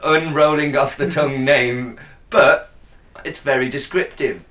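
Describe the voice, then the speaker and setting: A man's voice: medium pitch, fairly even intonation, a bit bright. A man co-hosting a podcast, bantering casually with crude, jokey asides. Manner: jokey, quick to laugh, crude. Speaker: podcast co-host.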